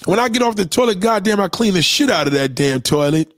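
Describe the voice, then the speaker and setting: A man's voice: fairly high pitch, fast talker, few pauses, no room sound, studio quality. A middle-aged man, ranting in a profane comedic monologue and acting out quotes. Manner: animated, swearing, acts out quotes.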